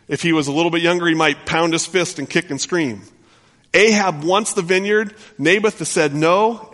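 Male pastor telling a bible story, lots of restarts, echoey big hall. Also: fairly high pitch. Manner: animated storytelling, many restarts. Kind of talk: sermon. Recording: long hall reverb.

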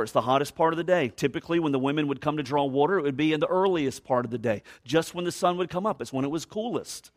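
A man preaching a sermon, reading scripture and explaining it with expressive emphasis, dropping to hushed tones and acting out quoted voices. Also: a little high. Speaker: pastor.

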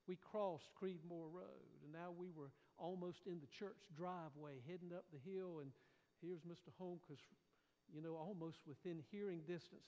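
Man, middle-aged pastor, higher voice, storytelling sermon, big reverberant church hall. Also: steady tone, moderate pace. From North Carolina, US. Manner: folksy, gently humorous, drops to a hush for suspense then swells. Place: church sanctuary. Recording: long reverb of a large hall.

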